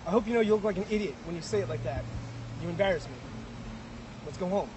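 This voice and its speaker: A man's voice: high voice, fast, natural voice. A man playing an embarrassed companion who scolds someone for how they talk. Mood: scolding. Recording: outdoor clip with traffic noise.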